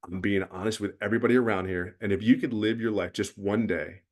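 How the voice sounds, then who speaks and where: A man's voice: fairly low pitch, fairly even intonation, fast, a little mellow. A middle-aged man giving a blunt, preachy motivational mentoring talk as guest host, with emphatic bursts.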